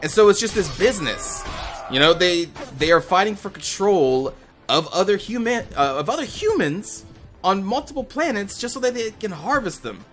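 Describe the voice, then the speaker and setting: A young man with a slightly high voice chats loosely over a game he is playing. He rambles, restarts his sentences, and drops the odd swear word. Faint music plays behind him. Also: very animated, moderate pace, a bit bright. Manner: rambling, chatty, with fillers and casual swearing. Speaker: gaming channel host. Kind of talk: casual commentary over gameplay.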